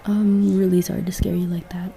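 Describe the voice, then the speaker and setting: A woman's voice: lowish voice, flat delivery, fairly quick, vocal fry, warm tone, soft background music. A woman voicing a caring, sheepish young male ninja turtle in a fan-made story, apologetic and earnest.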